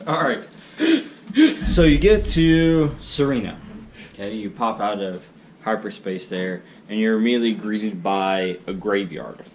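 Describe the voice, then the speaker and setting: Male game master, lower voice, playful narration, light noise under it. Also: unhurried. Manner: jokey, laughs often. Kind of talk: narrating a tabletop role-playing game.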